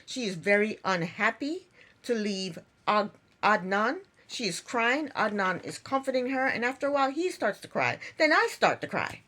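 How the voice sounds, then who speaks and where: A woman's voice: mid-range voice, normal speed. A woman vlogger casually recapping a reality show, retelling it with repetition and incredulous, exasperated asides. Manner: animated, repetitive storytelling.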